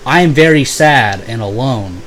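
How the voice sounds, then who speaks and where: Young guy rambling thru a sweary story, mid pitch, lots of likes. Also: lively intonation, a little slow, slight background noise. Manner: profane, rambling, filler-heavy; bursts into loud exaggerated impressions. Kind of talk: casual storytime.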